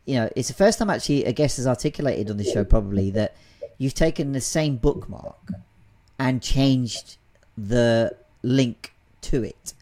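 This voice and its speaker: Mellow-voiced reflective male host. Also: mid-range voice, lively intonation, moderate pace. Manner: reflective, affirming, with hesitant fillers. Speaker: podcast host. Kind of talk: conversational interview.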